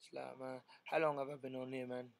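A man's voice: mid-range voice, little pitch movement, a little fast, creaky. A young man casually chatting with viewers on a livestream, thanking fans and talking to people around him. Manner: laid-back, talks to viewers and people in the room. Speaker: livestream host.

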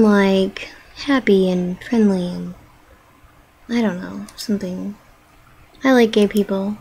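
A woman's voice: mid-range voice, fairly even intonation, takes it slowly, creaky, pauses often, darkish tone, breathy edge, rough recording. A young woman rambling playfully into her webcam at home and cooing at her pets. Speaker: vlogger. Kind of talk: casual webcam chatter.

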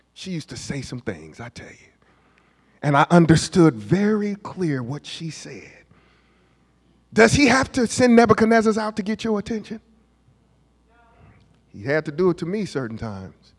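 A man in his fifties preaching a sermon, putting questions to the congregation and swinging from hushed asides to shouts. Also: sits high. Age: 50s. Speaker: pastor. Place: church sanctuary. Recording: church hall reverb.

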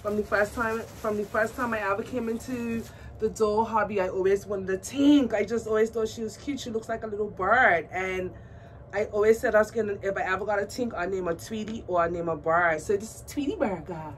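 A woman with a mid-range voice and brisk delivery gushes and squeals through a doll unboxing, chatting away to her viewers. The recording comes from a distant mic, with a little background noise.

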